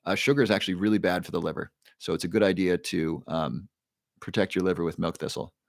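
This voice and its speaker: Low, fast, and gravelly, this livestream host's voice comes through in dry, studio-quality audio. He keeps things relaxed, guiding a breathing exercise, chatting with his audience, and answering questions by reading viewers' names.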